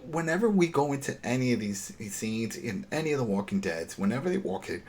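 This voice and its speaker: Speaking briskly in a mid-range voice, a man co-hosting a podcast recounts a TV episode. His tone is casual, animated and exasperated, with frequent sentence restarts.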